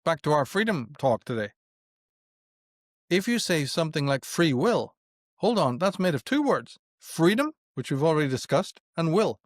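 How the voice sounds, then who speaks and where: A man's voice: on the high side, sing-song, normal speed, no echo, studio quality. A middle-aged man, talking philosophy in an emphatic, profane way, full of rhetorical questions. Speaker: interviewee. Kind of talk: philosophical conversation.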